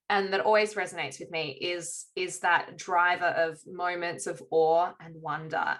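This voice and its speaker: Chatty woman podcast host. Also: lowish voice. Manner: chatty, warm with fillers like "like". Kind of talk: conversational podcast interview.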